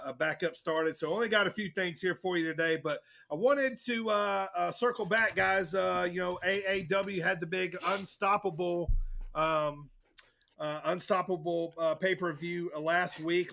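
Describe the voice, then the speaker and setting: High, gravelly-voiced podcast host. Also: male voice, bright, forceful tone. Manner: upbeat, filler-heavy rundown with many uhs. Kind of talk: casual wrestling podcast chat.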